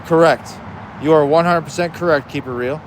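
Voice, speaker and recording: A man with a somewhat high voice hosts a casual outdoor livestream, talking bluntly and swearing freely as he answers viewers. Street and traffic noise comes through clearly behind him. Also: brisk. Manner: blunt and profane, chatty with viewers. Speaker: livestream host. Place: outdoors by a smoker.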